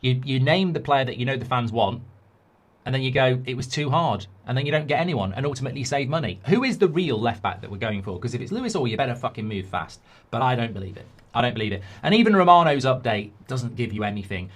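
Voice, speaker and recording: A man's voice: medium pitch, animated, fast. Exasperated man ranting about football. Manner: exasperated, sarcastic, rhetorical questions. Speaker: football fan commentator. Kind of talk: ranting fan commentary.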